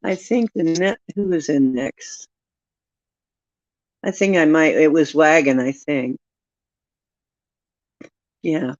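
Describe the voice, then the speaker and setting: A woman's voice: deep voice, no echo. A woman hosting a live stream, reading oracle cards aloud in a playful, self-mocking way. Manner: playful, laughs at herself, reads card texts slowly. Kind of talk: casual live stream chat. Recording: dull lo-fi recording.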